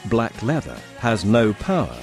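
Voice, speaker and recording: A man's voice: on the low side, huge pitch swings, a little slow, music in the background. A man giving scripted documentary narration in a dry, wry tone.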